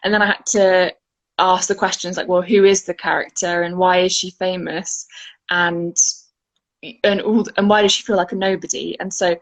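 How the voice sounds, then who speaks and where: A woman from Guernsey answers interview questions about her writing in an easy, conversational way. Her voice sits fairly low, and she thinks aloud, dropping in plenty of ums and restarts. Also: little pitch movement, normal speed, poor audio. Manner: thoughtful, chatty, with frequent fillers. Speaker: author, interview guest.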